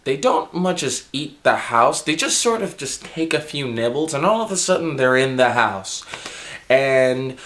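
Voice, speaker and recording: A man's voice: medium pitch, expressive, a little slow, a bit bright, a little hiss or hum. A man who says he is sick, reviewing a movie in a casual vlog, rambling with fillers and the odd giggle.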